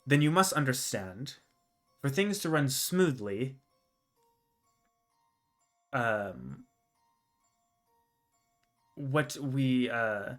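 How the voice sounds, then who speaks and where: A man's voice: medium pitch, expressive, extremely slow, pauses often, soft background music. A man doing a stern commanding king. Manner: loud, commanding, formal.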